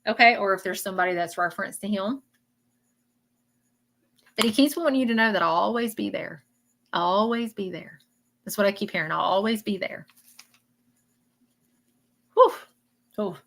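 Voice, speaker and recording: A woman's voice: medium pitch, gravelly, a bit bright. A woman doing a live psychic reading, emotional and repetitive, calling her viewers y'all. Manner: emotional, repeats phrases, addresses viewers as y'all. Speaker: psychic medium.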